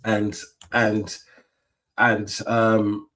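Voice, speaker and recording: A man's voice: on the low side, monotone, very slow, a bit bright. A young British man hosting a casual football livestream, full of playful trash talk and "yeah?" tags. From Britain. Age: young adult. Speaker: livestream host. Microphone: webcam mic.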